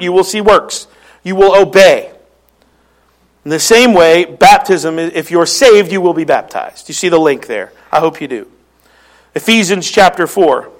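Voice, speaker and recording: This male pastor, whose accent is from Philadelphia, delivers his sermon in a noticeably high voice. Reading passages of scripture aloud, he teaches with earnestness and unpacks each verse's meaning for the congregation.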